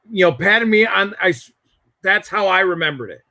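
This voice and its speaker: A man telling a family story in a loose, rambling way, with frequent restarts. His voice sits a little high, and the sound is close and dry. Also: expressive, moderate pace, gravelly, bright, forceful tone, no room sound. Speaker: guest. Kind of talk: casual chat.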